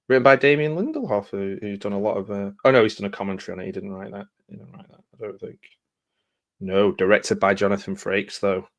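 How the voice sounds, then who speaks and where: A film vlogger with a lowish, slightly bright voice rambles casually through a stack of film blurbs, reading them aloud. He reads a bit, breaks off to muse, trips over himself and interrupts his own thoughts with asides before picking the thread back up.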